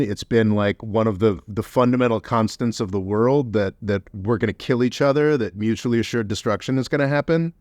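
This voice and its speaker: A man co-hosting a podcast in casual political chat, animated and heated, mocking others in quick put-on voices. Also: medium pitch, no room sound, clean studio sound. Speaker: podcast co-host.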